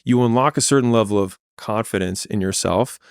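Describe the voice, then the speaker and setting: A man's voice: lowish voice, brisk, clean tone, dry recording, studio quality. A man in a candid podcast conversation, talking in a blunt, plainspoken and reflective way.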